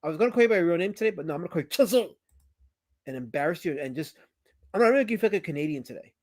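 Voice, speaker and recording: A man hosting a livestream in casual banter, teasing his chat and his guest. His voice sits a touch high and jumps around a lot, flaring into loud outbursts and then dropping to a mumble. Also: expressive, very fast, no room sound. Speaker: livestream host.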